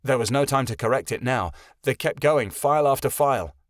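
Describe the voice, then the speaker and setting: A man narrating a fantasy audiobook in a steady storytelling voice. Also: medium pitch, a little fast, dry recording, studio quality. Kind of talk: scripted narration.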